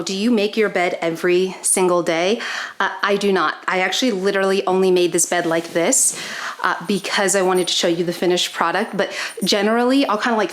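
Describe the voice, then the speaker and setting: Chatty woman vlogging in an echoey bedroom. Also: medium pitch. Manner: chatty, talks to her dogs in a bright coaxing voice. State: a bit out of breath from chores. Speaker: pet vlogger. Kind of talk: casual vlog chat while doing chores. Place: bedroom at home. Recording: echoey room, faint noise.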